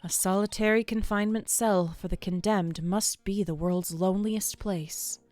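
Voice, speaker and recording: A woman's voice: mid-range voice, fairly even intonation, moderate pace, darkish tone, close to an everyday voice. A woman reading as an earnest young lawyer. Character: young female defense attorney, earnest.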